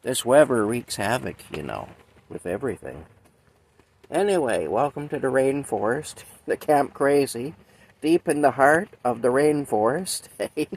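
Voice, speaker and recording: A hoarse man with a sore throat, rambling in a folksy way as he chats with a cow companion and often adds "eh". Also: mid-range voice, lively intonation, a little slow, a little mellow. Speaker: video host reacting to a song. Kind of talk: casual chat to a toy cow.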